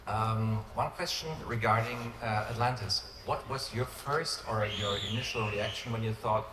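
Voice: medium pitch, normal speed. Fan teasing from the floor. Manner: teasing, playful questioning. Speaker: fan asking a question at a convention. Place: large convention hall. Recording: echoey hall with loud background noise.

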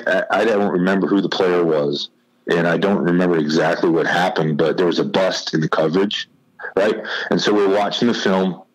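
A man's voice: low voice, rough recording. A man in his fifties, a podcast guest, telling stories in a folksy, drawling way. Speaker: podcast guest, former college football player. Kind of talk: casual storytelling.

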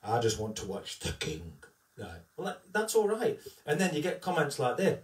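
A man's voice: a little high, wildly swooping pitch, normal speed, slight background noise. A man who works as a tribute singer, chatting casually on a live stream as a storyteller who tags his lines with "right?". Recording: echoey room, distant mic.

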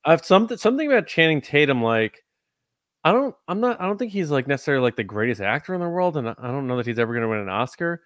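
A man's voice: on the high side, very animated, rapid-fire, fairly bright tone, no room sound, clean studio sound. A man co-hosting a podcast in casual chat, rambling with many likes and restarts. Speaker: podcast co-host.

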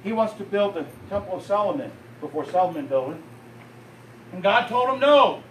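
A man's voice: high-pitched, brisk, slight background noise. A male pastor preaching a sermon, telling the story with a voice that rises and falls in intensity. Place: church sanctuary. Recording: roomy, distant church recording.

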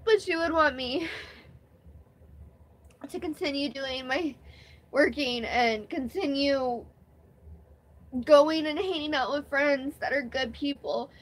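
A woman's voice: high-pitched, slow pace, long pauses. Young woman rambling on a live stream. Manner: rambling, candid, emotional. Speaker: vlogger hosting her first live stream. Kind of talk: casual live-stream chat.

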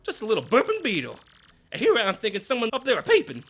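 A man voicing a jumpy little hillbilly creature fighter with shrill, twangy yelps. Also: wildly swooping pitch, fast, fairly bright tone, full character voice. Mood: startled.

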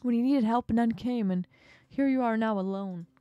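A woman voicing a sinister sea monster in a game, reading its lines with a slow, gloating, mocking delivery. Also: a little high, dry recording, highs cut off, lightly acted. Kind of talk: reading a game's dialogue aloud.

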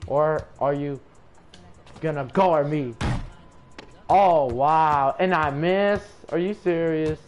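A man's voice: on the high side, takes it slowly, long pauses, dull audio, faint music behind. A man trash-talking and cursing at his opponent while commenting on his own gameplay. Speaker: gaming content creator.

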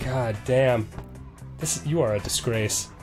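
A man's voice: mid-range voice, slow pace, over music. A man co-hosting casual video game commentary, teasing his partner with playful ribbing. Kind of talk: casual let's-play commentary.

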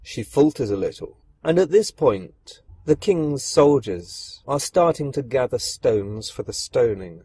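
A man narrating a dark fairy tale, expressive and speaking directly to the listener. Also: medium pitch, measured pace, few pauses, slightly rough. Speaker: storyteller. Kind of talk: dramatic storytelling narration.

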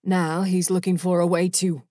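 A woman's voice: on the low side, level tone, normal speed, mellow, dry recording, studio quality, natural voice. A woman voicing Ajax, a cocky young male fallen angel in an audiobook, with a smug, taunting manner. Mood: tense.

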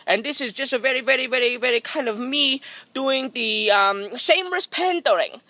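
Recording himself on a phone's front camera next to a private pool, this male vlogger has a very high voice and a moderate pace, with no echo. He rambles through a comedic monologue of sarcastic, deadpan jokes at his own expense.

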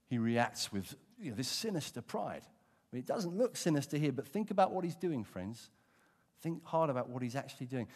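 Expressive British preacher, church echo. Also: male voice, medium pitch. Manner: expressive, dramatic, swings from hushed to emphatic. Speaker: pastor. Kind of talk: sermon. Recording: long reverb of a church hall.

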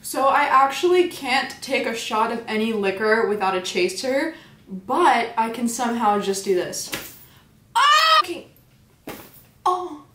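A woman's voice: on the high side, animated, moderate pace, a bit bright, a little hiss or hum. Joking young woman in an echoey room. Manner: joking, self-deprecating, sarcastic asides. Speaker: comedy influencer hosting a makeup tutorial. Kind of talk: casual makeup tutorial with jokes.

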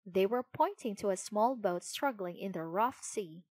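A woman narrating a children's storybook in an expressive, unhurried way. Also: mid-range voice, no echo.

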